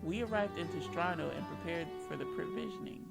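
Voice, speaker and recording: A woman with a gravelly, fry-tinged reads a visual novel's narration and lines aloud in a casual way. She trips over words now and then and fixes them. Game music plays behind her. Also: on the low side, fairly quick. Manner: reads narration aloud, stumbles and corrects herself, jokes. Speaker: game streamer reading dialogue aloud.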